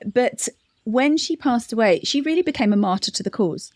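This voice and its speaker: A middle-aged woman giving a thoughtful interview answer, often restarting and laughing softly. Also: on the high side, lively intonation, normal speed, no echo, clean studio sound. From United Kingdom. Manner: reflective, many restarts and soft laughs. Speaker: interview guest, campaign director. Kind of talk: conversational interview.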